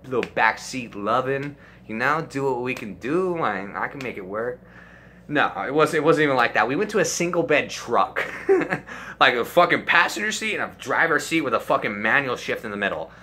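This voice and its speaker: A young man with a sharp, bright voice tells a crude story in an animated, profanity-heavy storytime style. Faint room hiss sits under his voice. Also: medium pitch, fairly quick. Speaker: storytime YouTuber. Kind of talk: casual storytime.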